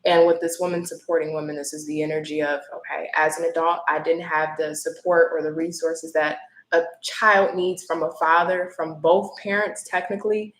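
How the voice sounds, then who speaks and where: A woman's voice: low-pitched, little pitch movement, normal speed, fairly bright tone, roomy sound, poor audio. A woman giving a live-stream tarot reading, earnest and emotional, with apologetic asides. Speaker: tarot reader.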